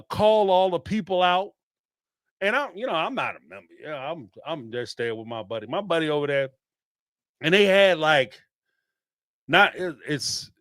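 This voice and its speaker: A man, hosting a podcast and ranting in an animated, emphatic way, with some swearing and repeated phrases. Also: high voice, dry recording, clean studio sound. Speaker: podcast host. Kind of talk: casual commentary rant.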